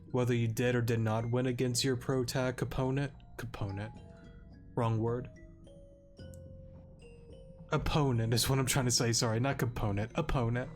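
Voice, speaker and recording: Rambling male gameplay commentator. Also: mid-range voice. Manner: rambling, self-correcting with stammers. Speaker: let's-play commentator. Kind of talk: casual game story recap.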